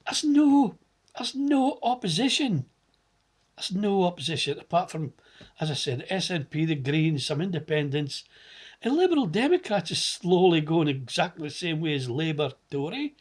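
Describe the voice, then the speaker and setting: A man's voice: on the high side, sing-song, moderate pace, husky. A middle-aged man with a Scottish accent delivers a fired-up political monologue straight to the camera. He rants and drives his points home by repeating words over and over. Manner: ranting, repeats words for emphasis. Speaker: political commentator.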